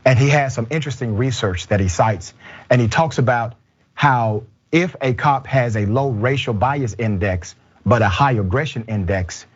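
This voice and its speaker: A man's voice: medium pitch, normal speed, husky, muffled recording. A man hosting a news commentary show, speaking earnestly and with indignation.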